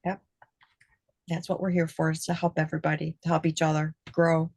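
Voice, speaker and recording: A woman's voice: sits low, level tone, a little fast, darkish tone, no room sound. A woman sharing her personal story in a casual group session, earnest and rambling, acting out bits of dialogue. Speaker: workshop participant.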